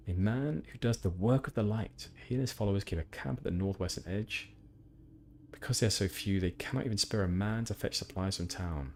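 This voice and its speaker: A man's voice: low-pitched, slight background noise. A man streaming a game, chatting casually with rambling, self-deprecating asides. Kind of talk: casual gameplay commentary.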